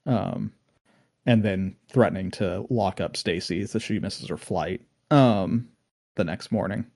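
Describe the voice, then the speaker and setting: Man, low-ish voice, dry close mic, podcast host who rambles with lots of ums. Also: measured pace, vocal fry, a little mellow, no echo. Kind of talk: casual podcast chat.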